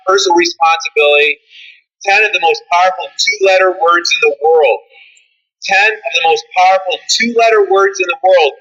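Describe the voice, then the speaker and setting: A man's voice: high-pitched, bright, forceful tone, lo-fi sound. A man talking as a podcast guest, emphatic and punchy like a coach, swearing casually as he makes his points. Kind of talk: energetic motivational interview talk.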